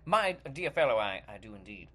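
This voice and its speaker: Brief: pompous famous actor with a British accent, put on by a man, patronizing, animated delivery. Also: fairly low pitch, fairly quick, pitched below the performer's own voice, full character voice. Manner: grand and patronizing, calls others 'dear fellow' and 'chap'. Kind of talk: comedy sketch.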